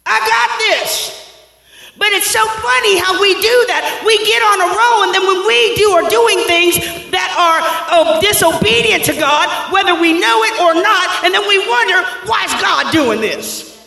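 A male pastor preaching a fervent sermon, shouting often and retelling scripture in casual slang. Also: extremely high pitch, moderate pace, creaky, hardly any pauses. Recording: echoey hall with long reverb.

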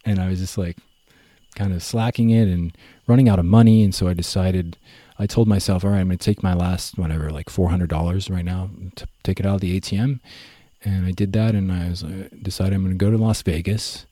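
Low, husky-voiced young man rambling. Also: fairly even intonation, brisk, mellow, no echo. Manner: rambling, full of fillers and self-corrections. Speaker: guest. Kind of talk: casual conversational storytelling.

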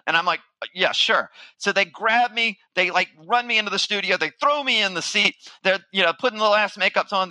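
A man's voice: sits high, bright, forceful tone, dry recording, rough recording. A middle-aged man giving a keynote, telling a story with animation and acting out his own panic. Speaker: keynote speaker, marketing firm founder.

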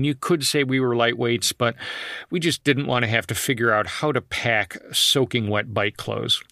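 A man's voice: mid-range voice, bright, forceful tone, no echo, studio quality. A man hosting a solo travel podcast, telling stories in a conversational way with frequent asides. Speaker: podcast host.

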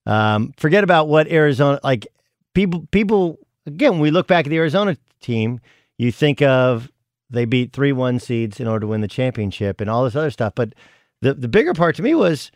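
On a sports radio show, a middle-aged guest co-host who analyzes college basketball talks in a loose, rambling way full of restarts. He sounds medium-pitched, very animated and fairly quick, with clean studio sound and no echo.

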